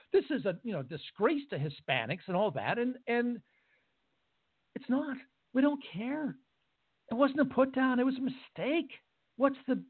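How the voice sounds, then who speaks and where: Animated, high-pitched talk radio man. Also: breathy edge. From United States. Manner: animated, emphatic, sarcastic. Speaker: radio talk show host. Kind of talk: opinion monologue. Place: radio studio. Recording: phone-like narrow band.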